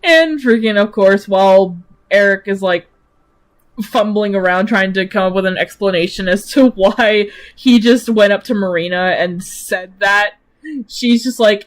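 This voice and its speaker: A woman's voice: medium pitch, measured pace. A woman streamer chatting casually about her own characters, rambling with lots of fillers and giggling often.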